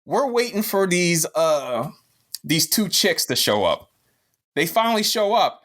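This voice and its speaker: A man's voice: high voice, unhurried. A man co-hosting a podcast, telling a rambling, profane story in casual chat. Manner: profane, rambling, animated retelling. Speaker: podcast co-host.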